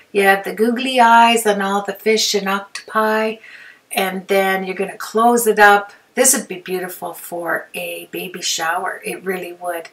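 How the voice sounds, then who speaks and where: A woman hosting a hands-on craft demo, rambling cheerfully and talking herself through each step. Her voice sits at a middling pitch and sounds a little distant from the microphone, as if she is leaning over a worktable. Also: a bit bright. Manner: rambling, talks to herself while working, laughs often. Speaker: craft tutorial host. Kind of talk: chatty hands-on craft demonstration. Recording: voice a bit far from the mic.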